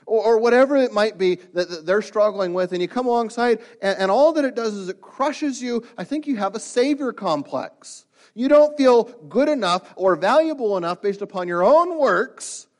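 Male pastor, sermon delivery, rises and falls a lot, somewhat high pitch, stacks rhetorical questions. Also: normal speed. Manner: animated preaching with rhetorical questions and repetitions.

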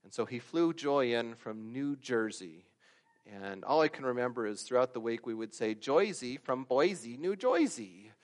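A man preaching a sermon, swinging from loud emphatic peaks to quiet asides and acting out the stories he tells. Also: medium pitch, moderate pace, clean tone. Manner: acts out quoted voices and stories. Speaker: pastor.

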